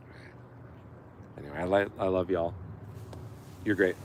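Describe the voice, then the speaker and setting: A man's voice: low voice, slow, pauses often, background noise. A middle-aged man telling a story in a casual, profane live-stream rant. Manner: profane, animated, acts out yelling quotes.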